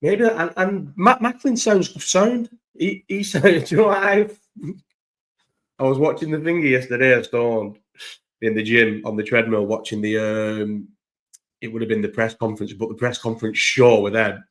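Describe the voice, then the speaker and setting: Rambling at home, a young guy with a medium-pitched voice talks at normal speed in a casual vlog. He swears a lot, keeps cutting himself off mid-sentence, and trails off, recorded indoors on his own setup, maybe not through the microphone.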